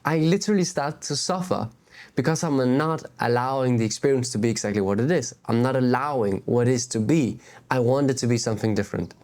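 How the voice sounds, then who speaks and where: This Danish spiritual vlogger, medium in pitch and speaking a little fast, reflects out loud on a beach in an informal spiritual chat to camera. His manner is frank and lively, and he curses and laughs at himself.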